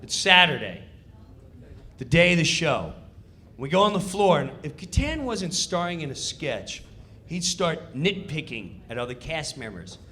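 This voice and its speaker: A man telling a comic backstage story, excited and theatrical, acting out the scenes as he goes. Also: a little high, a little slow. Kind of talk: animated comedic storytelling.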